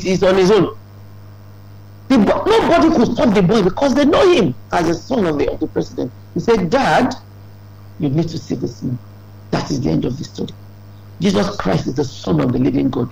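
A man preaching a sermon, emphatic and rising into high exclamations. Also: gravelly, a little mellow, rough recording.

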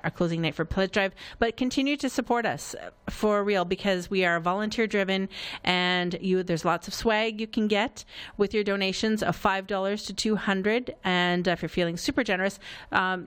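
A woman's voice: mid-range voice, fairly bright tone, clear, resonant tone. Chatty woman radio host. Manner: chatty and upbeat, loosely rambling. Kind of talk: casual live radio announcing. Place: radio studio.

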